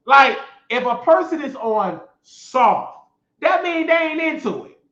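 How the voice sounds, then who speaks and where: A man's voice: very high-pitched, big pitch swings, slow pace, fairly bright tone. A man hosting a show, delivering a sassy, mocking gossip rant and repeating phrases for emphasis. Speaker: show host. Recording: echoey room, dull lo-fi sound.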